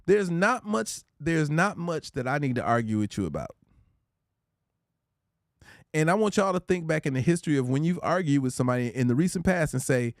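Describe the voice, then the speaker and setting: A man hosting a casual livestream, talking through relationship advice in an easygoing, preachy way and shouting out his chatters by name. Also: a little high, animated, a little fast, no echo, studio quality. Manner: reads out viewer comments and shouts out chatters; laid-back, conversational, preachy about relationships. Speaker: livestream host.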